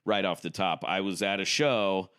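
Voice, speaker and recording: A man's voice: deep voice, moderate pace, a bit bright, clear, resonant tone. A man comedian guesting on a podcast, self-deprecating and laughing often while telling stories. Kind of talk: casual comedic podcast chat.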